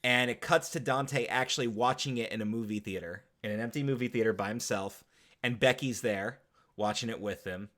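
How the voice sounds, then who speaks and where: A man with a medium-pitched voice talks fairly quickly as he co-hosts a casual podcast chat recapping a film. He is animated, swears a lot, laughs, and acts out quotes from the movie.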